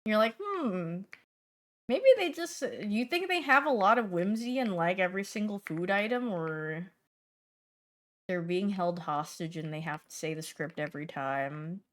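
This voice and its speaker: A young woman streamer in casual livestream chat, playful and chatty, answering her chat and swinging from loud bursts to mumbling asides. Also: lowish voice, moderate pace.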